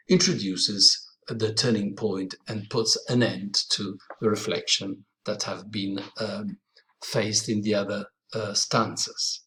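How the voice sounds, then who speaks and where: A man's voice: fairly low pitch, a bit bright. A man with an Italian accent giving a hesitant literature lecture, full of fillers and restarts. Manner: halting, many fillers and restarts. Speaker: literature teacher.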